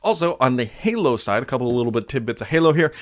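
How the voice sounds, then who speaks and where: A man's voice: medium pitch, lively intonation, fast talker, no room sound, clean studio sound. A man hosting a casual solo tech news show, chatty and offhand, with frequent fillers and asides.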